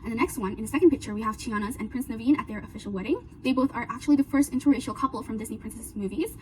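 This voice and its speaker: A woman's voice: on the high side, rapid-fire, a little mellow, a little hiss or hum, rough recording. A young woman giving an earnest class presentation, walking through her points one by one. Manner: earnest, explanatory, lists points with "so" and "now". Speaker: student presenter.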